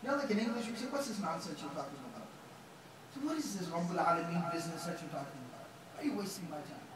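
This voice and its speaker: A man's voice: a little high, very fast, background noise. A man preaching a sermon, acting out the lines of the figures he retells and reciting verses in Arabic. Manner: dramatizing quotes with lively retellings. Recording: very echoey hall, mic far off.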